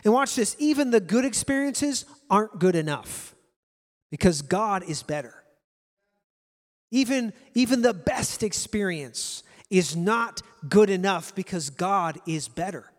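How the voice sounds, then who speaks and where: A man's voice: high voice, expressive, measured pace, in a large hall. A male pastor preaching a sermon to his congregation, earnest and repeating key phrases for emphasis.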